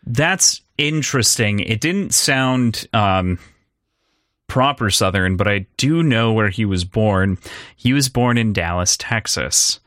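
Young man, lowish voice, casual film podcast talk, rambling and animated, dry close sound. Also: slow, no room sound. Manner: rambling and animated, with laughs and restarts. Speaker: podcast co-host.

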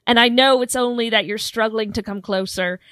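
A woman voicing a romantic Scottish man, reading his lines from a novel in a low, slow, put-on Scottish accent as she murmurs to his lover. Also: steady tone, fairly bright tone, dry recording, clean studio sound, lightly acted. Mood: tender, ardent.

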